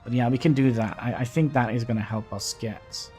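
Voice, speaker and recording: A man streams a city-building game, musing casually and hesitantly as he plays, in a mellow, mid-range voice that runs a little fast. Soft music plays in the background.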